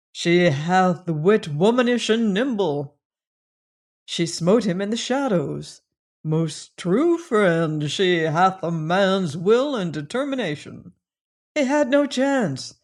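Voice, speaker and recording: A reader voicing a rough, loyal male sailor comrade who speaks in old-fashioned, blunt, emphatic phrases, for an audiobook. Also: medium pitch. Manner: archaic speech, emphatic, blunt.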